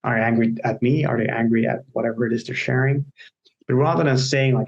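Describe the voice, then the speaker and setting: Gravelly-voiced man explaining coaching examples. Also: medium pitch, fairly even intonation, fast talker, dull audio. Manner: explains by walking through examples and anecdotes. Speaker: agile coach, podcast co-host. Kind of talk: casual discussion on coaching.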